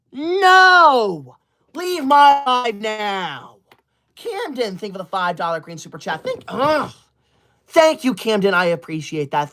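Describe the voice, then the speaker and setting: A prim, self-important livestreamer reads out viewer messages while playing an over-the-top teacher's pet. The delivery is bossy and indignant, laying down rules and scolding anyone who steps out of line. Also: medium pitch. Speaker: livestreamer reading viewer super chats.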